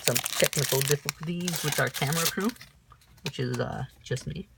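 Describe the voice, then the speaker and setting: A young man giving casual unboxing commentary, reading off cards in a slow list broken by sudden high whoops, recorded on a camera mic in a room at home. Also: gravelly, very noisy. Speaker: card-opening vlogger.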